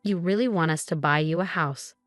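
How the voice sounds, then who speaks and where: A woman voicing an exasperated young husband who talks in a sharp, incredulous way. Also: lowish voice, fairly quick, no room sound, studio quality, soft background music, close to an everyday voice.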